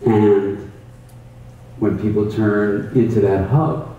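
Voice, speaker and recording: A man with a low, dark, mellow voice explains a contemplative practice and tells stories from his workshops. His delivery is thoughtful and emphatic. He sits some way from the mic in a very echoey room with faint ambient noise. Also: little pitch movement, slow pace, muffled recording. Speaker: mindfulness teacher. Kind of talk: reflective conversational explanation. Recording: roomy echo, distant mic, faint ambience.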